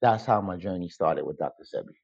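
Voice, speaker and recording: A man's voice: deep voice, a little fast, vocal fry, slightly rough. A man casually telling a personal story, acting out the dialogue as he goes. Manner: animated, retells with quoted dialogue. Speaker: guest storyteller. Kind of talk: casual anecdote. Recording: dull lo-fi recording.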